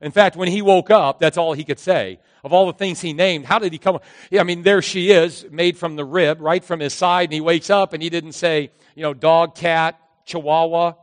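Man, pastor preaching, high-pitched, animated, long hall reverb. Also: a little fast, hardly any pauses. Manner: animated, acts out voices of characters. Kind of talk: sermon.

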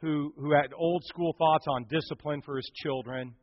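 A middle-aged man preaching a personal story as a sermon, swinging from loud bursts to hushed, near-whispered lines. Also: a little high, steady tone, moderate pace, no echo. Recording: dull dry sound.

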